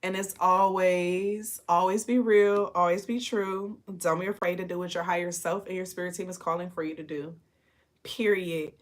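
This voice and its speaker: A woman's voice: lowish voice, steady tone, moderate pace. A sleepy woman hosting a casual late-night spiritual message, chatty and profane, calling her listeners y'all and laughing often. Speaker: spiritual channel host.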